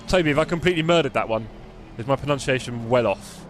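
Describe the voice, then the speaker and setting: A man's voice: mid-range voice, animated, fast, fairly bright tone, faint music behind. An English man chatting and joking with his live-stream viewers while he drives a racing sim, on a desktop mic. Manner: chatty, joking, talks to chat while driving. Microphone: desktop USB mic.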